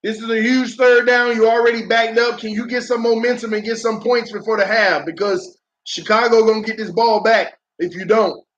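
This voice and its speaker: A man with a strikingly high voice calls plays and reacts to a live football game, excitable and theatrical, dropping into slang and loud groans at a moderate pace with few pauses. The stream audio is dull and lo-fi, its highs muffled.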